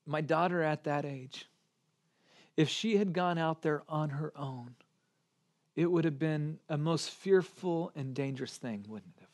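A man's voice: fairly high pitch, a little slow. Earnest male pastor preaching. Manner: moves between gentle near-whispers and urgent pleas. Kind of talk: sermon.

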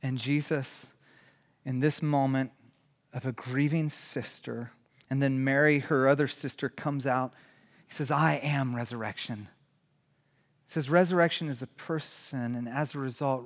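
A man preaching a sermon who moves from hushed, almost whispered lines to loud, impassioned shouts. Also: medium pitch, a little slow. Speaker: pastor. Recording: long hall reverb.

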